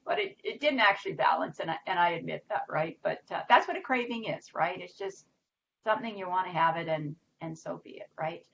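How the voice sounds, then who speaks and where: A woman's voice: on the low side, lively intonation, a little fast, creaky, fairly bright tone, dull audio, a little hiss or hum. A woman co-hosting a live web show in casual chat, rambling with many "you know"s and "right"s. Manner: rambling, filler-heavy, says "you know" and "right" often.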